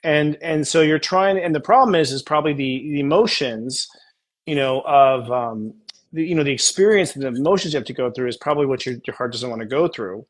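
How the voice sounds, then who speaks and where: A man hosting a casual spiritual coaching chat, animated and acting out tender inner dialogues. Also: mid-range voice, a little fast. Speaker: astrologer host.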